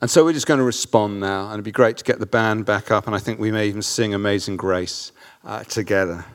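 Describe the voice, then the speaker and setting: A man's voice: fairly low pitch, fairly quick. A man preaching a sermon to a church congregation, mixing funny self-deprecating family stories with his message. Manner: humorous, self-deprecating storytelling. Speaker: pastor. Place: church hall with audience.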